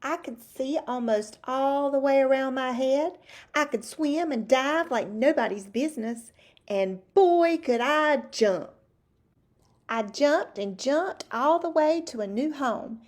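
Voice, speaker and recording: A woman's voice: high voice, lively intonation, takes it slowly, darkish tone, full character voice. A woman reading a picture book aloud as a cheeky young prince turned frog, in a chatty, confiding storyteller tone.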